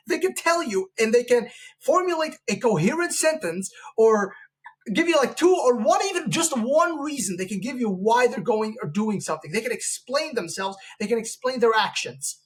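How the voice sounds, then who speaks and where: A podcast host interviewing a guest launches into a long, opinionated argument in an animated, extremely high-pitched voice at normal speed. He rambles, restarts often, and acts out quoted voices in this conversational monologue.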